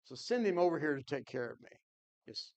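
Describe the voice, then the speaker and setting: A man's voice: on the high side, big pitch swings, brisk, creaky, a little mellow. A man teaching a Bible class in an earnest, conversational way, thinking aloud and answering his class.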